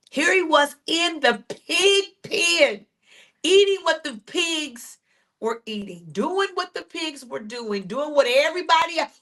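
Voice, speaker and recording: A woman preaching a sermon as a podcast host, with repeated refrains and direct questions to her listeners, moving between quick storytelling and slow, drawn-out declarations. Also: on the high side, a bit bright.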